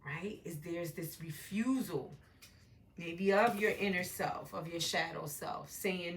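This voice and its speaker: A woman's voice: lowish voice, takes it slowly, gravelly, a little hiss or hum. A woman giving a meandering intuitive tarot reading from home, often adding "right?" as she talks. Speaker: tarot reader. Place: home with a dog nearby.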